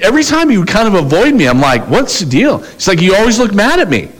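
Animated male pastor preaching. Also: high voice, fast, few pauses, breathy edge, poor audio. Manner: animated storytelling, acting out both sides of conversations. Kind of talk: sermon.

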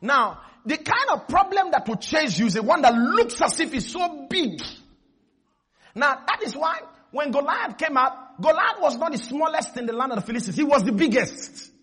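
High-voiced, bright male preacher. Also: normal speed. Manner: animated, acts out scenes, leads the call and response. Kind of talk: sermon.

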